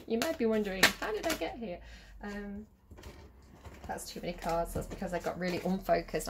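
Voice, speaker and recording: Woman tarot reader, casual, chatty, giggly, mid-pitched, lots of ums. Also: a little mellow, slight background noise. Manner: chatty, giggly, rambling with many fillers.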